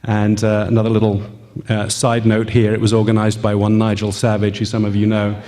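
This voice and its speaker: A man tells a personal story to a live audience, halting often with ums and gently poking fun at himself. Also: fairly low pitch, completely flat delivery. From England. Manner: halting, with frequent ums and gentle self-mocking humor. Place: event hall. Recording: long reverb in a hall.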